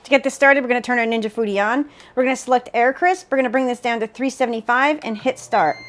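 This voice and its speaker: A woman's voice: on the high side, fast talker. A woman hosting a home cooking video, narrating each step with upbeat enthusiasm. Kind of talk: cooking demonstration.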